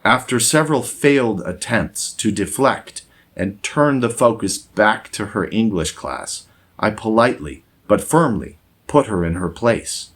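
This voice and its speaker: Casting: a man delivering slow, deep scripted narration, measured and moralizing. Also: expressive, fairly bright tone. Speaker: essayist and former English teacher.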